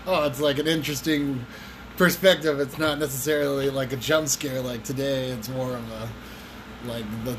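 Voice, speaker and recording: A man's voice: mid-range voice, steady tone, normal speed, noisy background. A man co-hosting a casual podcast chat, talking loosely with lots of "like" fillers and frequent laughs. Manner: chatty, full of "like" fillers, laughs often.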